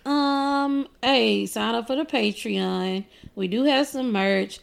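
A woman co-hosts a podcast in loose, casual conversation, her voice carrying a gravelly, fry-edged texture. She talks bluntly and teasingly, swearing freely. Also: a little high, takes it slowly. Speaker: podcast co-host. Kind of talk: casual chat.

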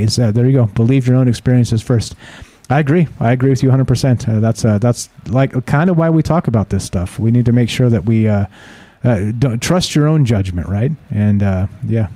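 A man's voice: medium pitch, mellow, dry recording. Rambling man hosting a call-in show. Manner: rambling, many filler words and restarts. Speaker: radio show host. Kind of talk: casual live call-in talk, reading stories aloud.

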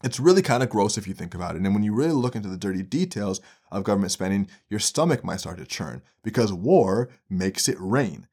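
A young man hosting a podcast, delivering an essay-style commentary in an animated, profane way that swings from low mutters to loud outbursts. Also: fairly quick, hardly any pauses, husky. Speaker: podcast host.

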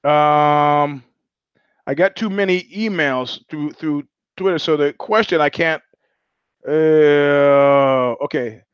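A man's voice: a little high, takes it slowly, clean tone, no echo, dull audio. A man hosting his own show, answering listener questions and telling blunt, profane stories in a casual monologue. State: sweating. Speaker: podcast host.

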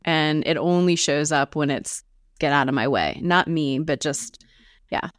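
A woman guest on a podcast, chatting casually in a relaxed, loose way with casual swearing. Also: low-pitched, measured pace, dry recording, studio quality.

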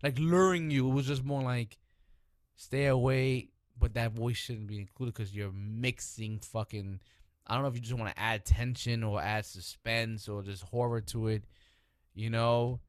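A man's voice: mid-range voice, no room sound. A man chats loosely and animatedly, swearing as he goes. His voice sits mid-range and sounds dry, close to the mic with no room around it. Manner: animated, profane, restless, quick to interrupt. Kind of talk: casual chat.

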